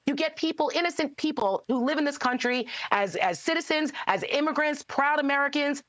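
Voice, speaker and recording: A high-pitched woman speaking on television with rising passion. The recording is dry and close. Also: lively intonation, brisk, fairly bright tone, dry recording, dull audio. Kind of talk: televised political speech.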